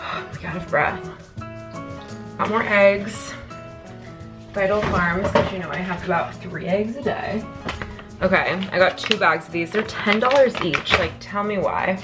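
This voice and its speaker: A woman's voice: mid-range voice, measured pace, over music. A young woman chatting casually to her camera at home for a lifestyle vlog, filler-heavy and self-deprecating. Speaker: lifestyle vlogger. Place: home, kitchen and indoors.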